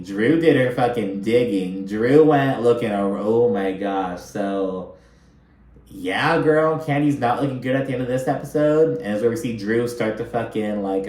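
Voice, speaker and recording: Speaking at a moderate pace in a mid-range voice, this man chats his way through a reality show recap with plenty of swearing. The room sounds spacious, and he animatedly performs the cast members' quotes.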